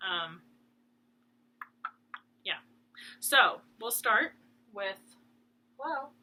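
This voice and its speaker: A woman's voice: fairly high pitch, pushed and bright, a little hiss or hum. A young woman hosting a cross stitch channel, chatting casually and rambling at home, laughing often and talking to her dog. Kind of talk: casual rambling chat to camera. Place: room at home.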